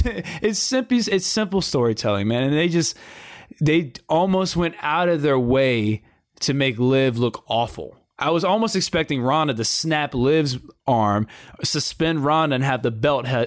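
A man co-hosting a casual wrestling talk show. He speaks in an animated, slangy way and often repeats his words. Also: fairly high pitch, no room sound, clean studio sound. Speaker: wrestling podcast co-host. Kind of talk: casual commentary chat.

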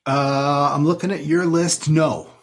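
A man from Colorado co-hosting a casual music podcast, easygoing, with halting restarts. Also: on the high side, fairly even intonation. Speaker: podcast co-host.

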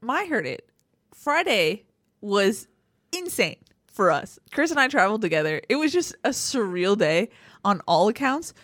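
A woman co-hosting a sports podcast, telling stories in a chatty, animated way. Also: mid-range voice, unhurried, no room sound, studio quality. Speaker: sports podcast co-host and photographer. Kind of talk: casual sports chat.

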